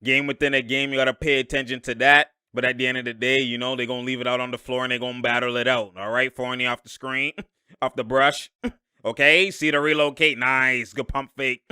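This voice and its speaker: A man giving a casual, slangy breakdown of basketball game film, animated and laughing often as he mimics the players' reactions. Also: mid-range voice, fairly quick, clean tone, dry recording, clean studio sound. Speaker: basketball analyst and channel host.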